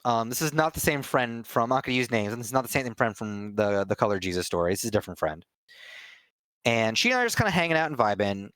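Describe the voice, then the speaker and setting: A man's voice: medium pitch, big pitch swings, quick pace, a bit bright, clear, resonant tone, no echo. A man streaming, telling a funny story in casual chat, laughing and restarting often.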